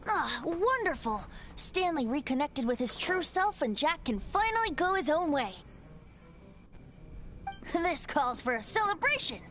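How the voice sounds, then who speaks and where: A youthful, playful bard boy with a light, fairly high, lilting voice, as a woman voices him. He sounds airy and carefree, with game music clearly behind him. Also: big pitch swings, unhurried, fairly bright tone, exaggerated voice. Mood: cheerful.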